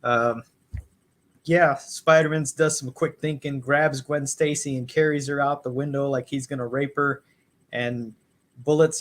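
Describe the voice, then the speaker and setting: A man's voice: medium pitch, steady tone, measured pace. A man co-hosting a podcast, chatting casually in a crude, profane and wisecracking way, rambling through recaps. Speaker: podcast co-host.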